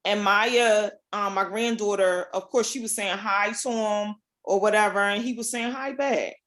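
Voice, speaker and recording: A woman's voice: medium pitch, steady tone, a bit bright. Hesitant middle-aged woman on a call. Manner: hesitant, unhurried, many fillers. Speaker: guest. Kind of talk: casual video call chat. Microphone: video call.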